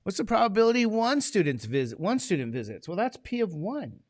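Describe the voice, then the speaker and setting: A man's voice: high-pitched, big pitch swings, brisk, no room sound, clean studio sound. A man teaching a classroom lecture, chatty and digressive, asking the class questions as he goes.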